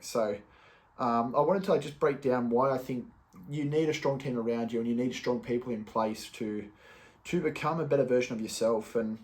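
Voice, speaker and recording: A man's voice: medium pitch, a little mellow. A young man talking casually on his solo podcast, loose and chatty, with many fillers and restarts. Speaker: podcast host.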